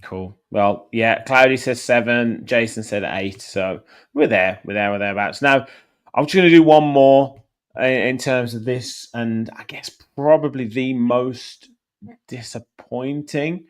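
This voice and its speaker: A man's voice: medium pitch, unhurried. A man hosting a casual football podcast, reading viewer comments and passing questions to his co-hosts. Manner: reads out viewer comments, then hands over to panelists. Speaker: podcast host.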